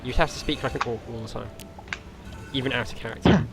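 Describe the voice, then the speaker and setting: A man's voice: mid-range voice, fast talker. A young man chatting casually while streaming a game, rambling and hesitant with frequent ums. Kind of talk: casual chat while gaming. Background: game music.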